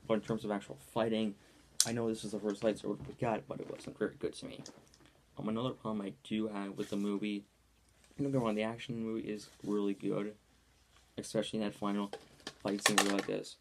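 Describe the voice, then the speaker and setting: Casual, rambling video review from a low, gravelly young man. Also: level tone, fast talker, a little hiss or hum. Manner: rambling, with many ums and likes. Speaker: movie reviewer.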